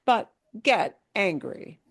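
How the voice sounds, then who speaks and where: A woman leading a class lesson at an unhurried pace. Her pitch moves around a great deal, lively and expressive. She explains with examples and keeps pausing to ask whether her students are following. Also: vocal fry. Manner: patient, explains with examples and frequent check-ins. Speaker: Spanish teacher.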